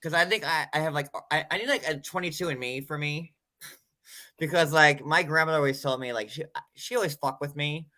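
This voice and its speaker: Low-voiced woman rambling with "like". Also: brisk, sharp tone. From tri-state area of the US. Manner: rambling, heavy use of "like". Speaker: panelist. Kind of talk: casual podcast chat.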